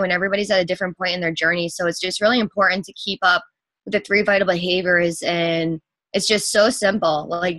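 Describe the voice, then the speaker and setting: A young woman fitness coach giving a gushing, breathless testimonial, talking fast with lots of fillers. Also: fairly low pitch, sharp tone, no room sound. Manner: gushing, rapid, breathless with enthusiasm. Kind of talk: excited testimonial talk.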